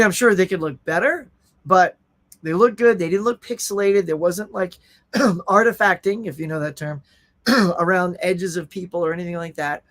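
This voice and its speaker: Man, middle-aged, casual live-stream host, animated, chatty. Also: high-pitched. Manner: animated, chatty, reads viewer comments aloud.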